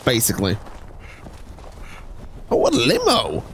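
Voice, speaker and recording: A man's voice: mid-range voice, huge pitch swings, unhurried, background noise. A man streaming a game, rambling and joking with chat in casual gameplay commentary.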